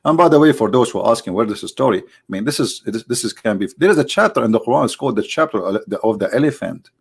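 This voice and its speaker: A man from the Middle East with an Arabic accent, hosting a live stream in a mocking, theatrical monologue that jumps between high exclamations and low asides. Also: expressive, fast talker, creaky, slightly rough. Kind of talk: sarcastic monologue.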